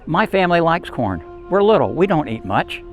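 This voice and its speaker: A little male mouse from a spoken folk tale, earnest and careful as he names his price, as a man storyteller puts him on. His voice sits a touch high and he spells out his terms slowly. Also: sing-song, faint music behind. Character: small polite male mouse bargaining for his family.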